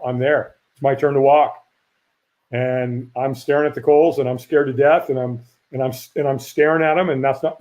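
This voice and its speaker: A middle-aged man, a firewalk instructor, telling a lively story in a casual interview and acting out the voices of people he quotes. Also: medium pitch. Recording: dull lo-fi audio.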